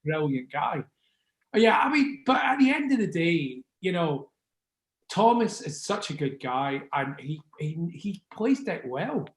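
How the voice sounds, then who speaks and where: A fairly high, sing-song voice belongs to a Scottish man in his sixties, a record label founder chatting casually in an interview. He speaks a little slowly in an echoey room, rambling, swearing, and repeatedly asking "do you know what I mean."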